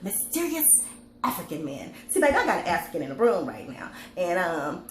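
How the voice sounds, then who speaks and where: A woman's voice: on the low side, big pitch swings, normal speed. A young woman doing a casual reality-TV recap, brash and profane, laughing often as she talks. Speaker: TV recap vlogger. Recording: echoey room with faint hiss.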